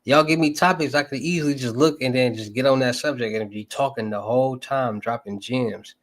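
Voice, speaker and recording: A man's voice: mid-range voice, brisk, no echo. A young man with a Southern US accent, hosting a livestream in loose, rambling casual chat and asking his viewers for topics. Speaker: livestream host.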